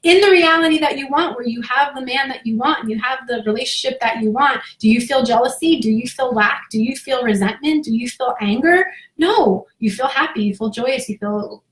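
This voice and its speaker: A woman's voice: sits high, brisk. A woman coaching viewers in a casual live talk, frank and emphatic, often tagging her points with "like" and "right?". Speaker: spirituality coach. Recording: roomy echo.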